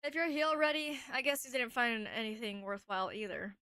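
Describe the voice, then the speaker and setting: A woman's voice: on the high side, a little fast, pushed and bright, clean tone, no echo. A woman voicing a wary young woman investigator in a visual novel, talking in a blunt and guarded way.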